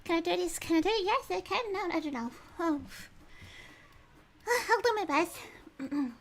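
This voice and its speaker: A woman's voice: extremely high pitch, expressive, moderate pace, fairly bright tone. A woman streamer chatting casually and giggling while she reads a game aloud between bites of dinner. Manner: chatty and giggly, eating and talking with food breaks.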